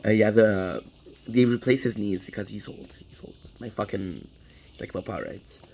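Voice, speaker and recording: A man's voice: lowish voice, moderate pace, creaky, a little mellow, a little hiss or hum, rough recording. A young man talking to camera as he eats, telling a personal story in a rambling, profane way with many restarts. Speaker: vlogger. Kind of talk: casual storytelling while eating.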